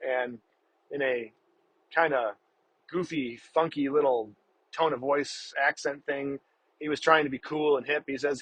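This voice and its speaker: A man's voice: mid-range voice, steady tone, normal speed, a bit bright, husky, rough recording. A man hosting a podcast, telling a story in a casual, profane, exasperated way. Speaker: podcast host.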